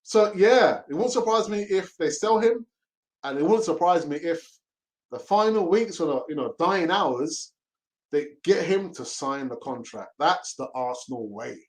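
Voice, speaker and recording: A man's voice: a little high, expressive, measured pace. A man hosting a casual live stream, reading chat messages aloud, laughing and mockingly acting out pleading voices. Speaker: host of a fan channel reading live chat.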